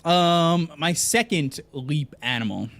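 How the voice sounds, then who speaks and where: A man with a fairly high voice casts esports slowly over a noisy background. His casual on-air banter is animated, and he tells long jokes between matches.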